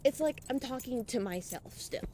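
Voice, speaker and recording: Out walking at night, this young vlogger and podcaster rambles casually about her life, swearing freely and slightly winded from the walk. Her fairly high, dark voice has lively intonation at normal speed, with slight background noise.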